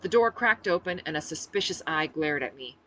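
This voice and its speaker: Lively low-pitched woman reading her novel. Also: brisk, a little hiss or hum, rough recording. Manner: expressive, acts out the dialogue. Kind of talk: audiobook-style first-person narration.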